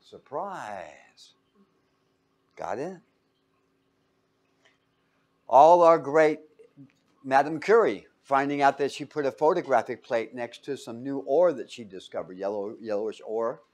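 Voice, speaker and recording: A man with a medium-pitched voice teaches at a measured pace, lecturing and quizzing students with fill-in-the-blank prompts. His delivery is animated, with quotes acted out in little voices.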